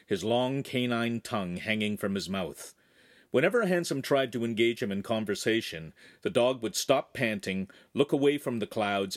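A man narrating a young adult science fiction novel in measured, even storytelling. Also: lowish voice. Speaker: audiobook reader. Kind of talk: scripted narration.

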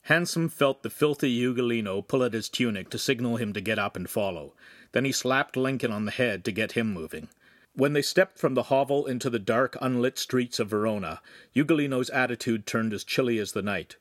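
A man reading a young adult novel aloud in a measured, even way. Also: lowish voice, no room sound. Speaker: audiobook narrator. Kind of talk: scripted narration.

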